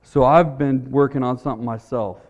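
A man's voice: mid-range voice, steady tone, normal speed, long reverb tail. A man preaching a sermon in a church, in an earnest, conversational way, repeating his words as he tells a story.

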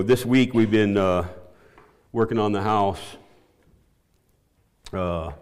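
A middle-aged man giving a spoken testimony to his church, halting with many restarts and frequent laughs, his voice climbing higher and louder as he gets excited. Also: big-room sound. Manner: voice climbs high and loud when excited.

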